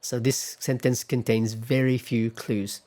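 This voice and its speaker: A man's voice: mid-range voice, little pitch movement, measured pace, mellow. A man giving a classroom lecture on pronunciation, patiently explaining step by step and putting questions to his students.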